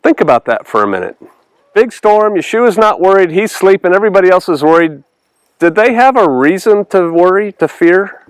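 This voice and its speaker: A male pastor delivers a relaxed, chatty sermon, often stopping to quiz the people listening. His voice sits high for a man and comes across smooth and clean, recorded close and dry with no room sound. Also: normal speed, dry recording, poor audio. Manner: casual and animated, asks the congregation questions. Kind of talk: conversational sermon with Bible reading.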